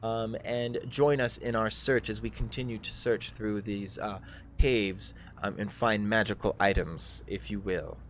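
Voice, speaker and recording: A man voicing a haughty male dark elf who serves a powerful master, condescending and drawn out. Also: fairly low pitch, fairly even intonation, a little slow, a little hiss or hum, lightly acted. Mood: coaxing.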